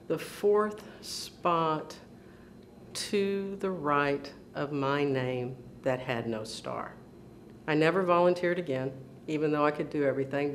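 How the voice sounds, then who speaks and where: A woman principal telling a personal story on stage, earnest and pausing for emphasis. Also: low-pitched, slight background noise. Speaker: school principal giving a talk.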